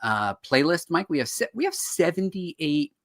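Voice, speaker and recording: A man's voice: on the high side, normal speed, no echo, studio quality. A man co-hosting a show on writing comics, explaining in casual chat and acting out quoted reactions. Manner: animated, acts out quoted reactions.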